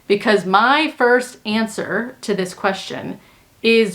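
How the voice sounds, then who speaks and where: A woman's voice: medium pitch, moderate pace, fairly bright tone. A young woman talking to camera as a manifestation coach, earnest and emphatic, repeating points for stress. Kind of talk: casual talk to camera.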